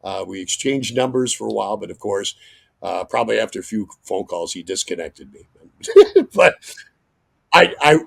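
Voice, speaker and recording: A middle-aged man, a radio host, telling an animated story as a guest and breaking into loud acted-out exclamations. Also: on the low side, creaky.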